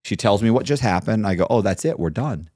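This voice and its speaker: A man's voice: on the low side, quick pace. A man telling a long story as a podcast guest, acting out the people he quotes. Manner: lively storyteller who acts out the people he quotes. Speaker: interview guest.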